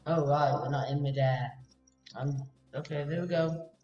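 A woman's voice: low-pitched, steady tone, a little slow, mellow, faint music behind. A woman playing a video game and narrating it with chatty, bemused asides to viewers. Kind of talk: casual let's-play commentary. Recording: dull, roomy, distant mic.

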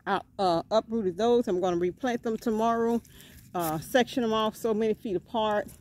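Speaking at normal speed in a darkish voice on the high side, a breathless woman vlogs outdoors on rural property. Her casual talk to viewers is chatty and folksy, full of repeated words and frequent calls of "family."

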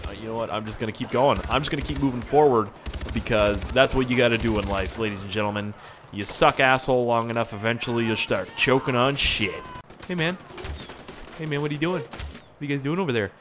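A young man casually commenting on his gameplay with excitable, profane wisecracks. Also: mid-range voice, fast, noisy background. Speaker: gaming channel host. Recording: loud gunfire and game audio behind. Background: game gunfire and explosions.

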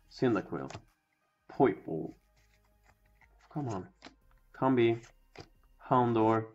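A young man casually narrating as he opens card packs, rambling and swearing, and sometimes bursting into loud excitement. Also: on the low side. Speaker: pack-opening video host. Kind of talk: casual card-opening commentary. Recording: dull lo-fi sound with faint music.

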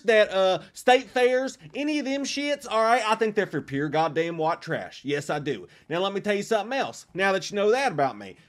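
A man in his thirties hosting a casual movie review, swearing freely, laughing and ranting in an animated way. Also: sits high. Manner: animated, swearing, mocking impressions, laughs often. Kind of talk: casual profane movie rant.

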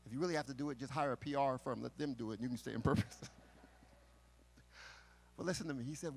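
A pastor preaching a live sermon at a church service, impassioned and building to forceful rhythmic declarations. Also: male voice, mid-range voice, quick pace, creaky, pauses often, slight background noise. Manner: impassioned preaching with repeated calls of "listen to me".

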